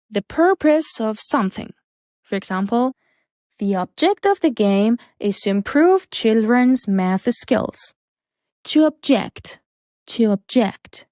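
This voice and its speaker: A woman teaching a lesson, reading out words and example sentences slowly and deliberately. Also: fairly high pitch, very animated, darkish tone, dry recording, studio quality. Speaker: English teacher. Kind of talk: slow, careful English lesson.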